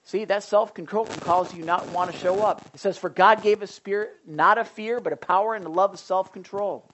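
A pastor preaching to a small group, talking straight to the people in front of him. His voice swings between loud, emphatic points and quiet asides. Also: high-pitched, fairly even intonation, brisk, a little hiss or hum. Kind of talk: sermon to a small Bible study group.

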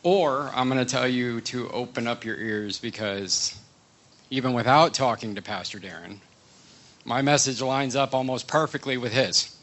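Male guest preacher, mid pitch, talks plainly to the room, asks questions. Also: normal speed, fairly bright tone, rough recording. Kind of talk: sermon.

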